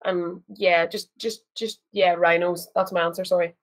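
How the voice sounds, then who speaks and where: A woman's voice: on the low side, little pitch movement, moderate pace. Scatterbrained woman on a podcast. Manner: self-deprecating, giggly, scatterbrained, swears freely. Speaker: podcast co-host. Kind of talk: casual chat.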